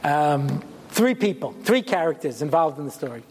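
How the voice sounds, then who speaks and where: A man's voice: fairly high pitch, expressive, normal speed, a little mellow, slight background noise. A man giving a Torah lecture as a rabbi, talking conversationally with jokes and rhetorical questions. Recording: long hall reverb.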